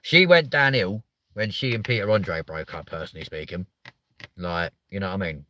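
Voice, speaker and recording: A young man hosting a live comedy stream from a car, sweary and mocking, jumping from loud outbursts to muttered asides. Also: deep voice, moderate pace, dry recording. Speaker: host of a live stream show. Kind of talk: crude comedic live chat.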